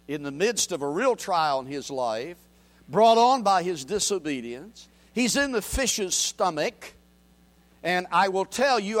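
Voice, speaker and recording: A man preaching a sermon with a high voice and a very lively, animated pitch. He drops to quiet murmurs, then climbs to loud, ringing declarations as he reads scripture aloud. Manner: reads scripture aloud and asks the congregation to repeat. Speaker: pastor.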